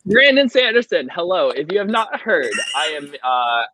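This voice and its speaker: A man's voice: high voice, very animated, moderate pace, sharp tone, slight background noise, low-quality recording. A tipsy man hosting a casual book club livestream, emotional and reading passages aloud through a home computer mic on a call. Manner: emotional, reads quotes aloud tearfully. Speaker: show host.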